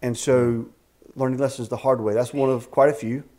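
A man in his fifties, the executive director of a ministry camp, tells faith-filled stories at a middle pitch and moderate pace. He's animated and often restarts his sentences, like a ministry leader chatting in a casual interview. He's speaking from a house at a rural camp.

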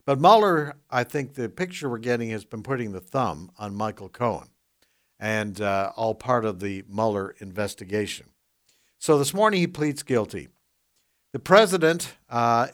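A man hosting a political talk radio show, delivering the news in a measured way and laughing often. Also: lowish voice.

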